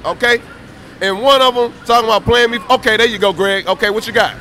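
A man's voice: extremely high pitch, quick pace, pushed and bright. A man trash-talking on a stream mic, boastful, taunting and profane. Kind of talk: brash trash talk.

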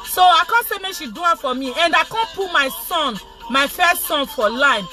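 A middle-aged Nigerian woman speaking Pidgin-tinged English, hosting a casual live chat with her viewers in an animated, repetitive way. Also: sits high, normal speed, music in the background. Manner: animated, repetitive, laughing often. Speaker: vlogger, show host.

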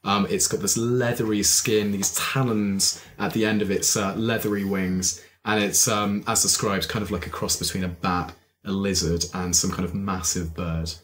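A man's voice: low-pitched, little pitch movement, normal speed, few pauses, fairly bright tone, a little hiss or hum. A man narrating as game master, describing scenes with many hesitant ums and uhs.

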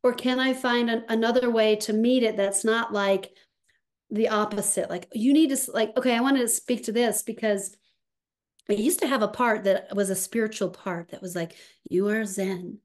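A woman speaking as a somatics practitioner in an interview, slow and reflective, with soft pauses. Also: fairly high pitch, fairly even intonation. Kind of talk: conversational interview.

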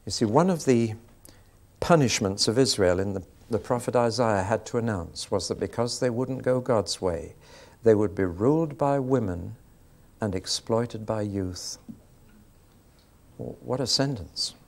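A man's voice: on the low side, unhurried, vocal fry. A man preaching a sermon, telling anecdotes with dry humour.

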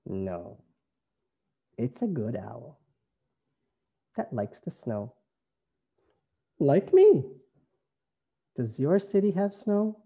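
Slow, sing-song Canadian man teaching phonics. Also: medium pitch, very animated, vocal fry, husky, narrow, tinny audio. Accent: Canadian English. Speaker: English teacher. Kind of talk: phonics lesson reading.

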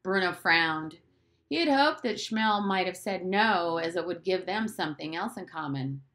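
A woman teacher reading a storybook aloud with expressive narration. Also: fairly low pitch, normal speed.

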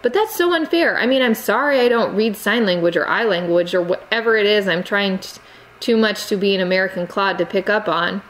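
A woman's voice: mid-range voice, brisk, a bit bright, natural voice, poor audio. A woman voicing an earnest, frustrated American teenage boy who pleads insistently. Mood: pleading. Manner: insistent, exasperated, raises his voice.

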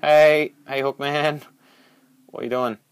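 A young man giving rambling, excitable let's-play commentary as a gaming channel host, swearing when startled. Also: on the high side, unhurried, smooth, no echo.

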